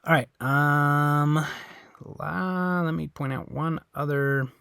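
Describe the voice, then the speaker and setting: A man's voice: fairly high pitch, steady tone, takes it slowly, creaky, fairly bright tone, clear, resonant tone, no echo, studio quality. A man teaching a Spanish lesson in an informal way, often correcting himself and checking in with "okay?". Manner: informal, repeats words, corrects himself, ends phrases with "okay?". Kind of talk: recorded classroom lesson.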